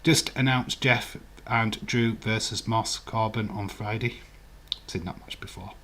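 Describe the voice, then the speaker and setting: A man's voice: on the low side, steady tone, unhurried, fairly bright tone. A man hosting a live stream, chatting casually and rambling while he answers viewer comments and laughs often. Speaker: livestream host. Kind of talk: casual live watch-along chat.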